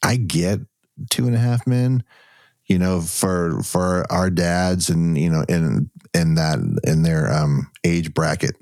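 A man's voice: deep voice, takes it slowly, a little mellow, dry recording, studio quality. A man co-hosting a podcast in casual chat, rambling and loose, with restarts and cursing. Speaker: podcast co-host.

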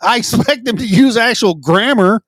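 A woman's voice: on the high side, animated, moderate pace, dry recording. A woman co-hosting a comedy podcast, wry and laughing, teasing her co-host in casual chat.

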